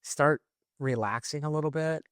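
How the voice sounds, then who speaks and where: A man hosting a podcast, telling personal stories in a candid, halting way with many restarts. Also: a little high, clear, resonant tone, no echo, clean studio sound. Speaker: podcast host. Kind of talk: casual conversational podcast talk.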